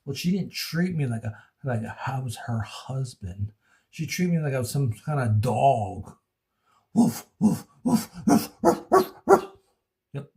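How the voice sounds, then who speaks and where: A man's voice: medium pitch, a little mellow. A man speaking into his phone in an emotional personal vlog, rambling and repeating himself as he vents about his relationships. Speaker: vlogger.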